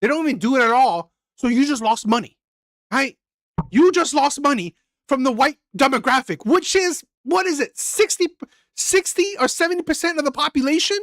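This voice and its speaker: A woman hosts a reaction video in a loud, blunt rant, swearing freely and hammering the same rhetorical questions. Her voice sits a little higher than most women's. The sound is close and completely dry, with no room around it. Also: animated, moderate pace, no echo. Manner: blunt, profane, fires off repeated rhetorical questions. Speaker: reaction channel host. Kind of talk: ranting commentary.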